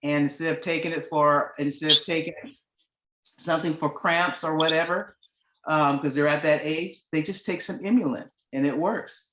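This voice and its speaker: A woman's voice: deep voice, fairly even intonation, moderate pace, a bit bright. Rambling middle-aged woman telling a story. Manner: rambling, restarts often, acts out quoted dialogue. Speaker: guest giving a testimonial. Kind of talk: casual storytelling. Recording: echoey room sound.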